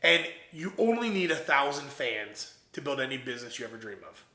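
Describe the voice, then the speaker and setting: A young man from Ohio, an entrepreneur guest, telling his story in a casual, animated way and acting out what others said. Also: mid-range voice, a little fast, reverberant. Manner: animated, quotes himself and others in lively voices.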